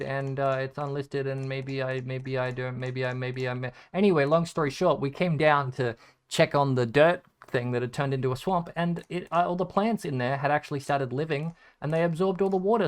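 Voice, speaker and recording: A man's voice: a little high, clear, resonant tone. A man giving casual gameplay commentary, rambling from tip to tip with lots of swearing and sarcastic jokes at his own expense. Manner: rambling, profane, sarcastically self-deprecating. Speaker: gaming content creator.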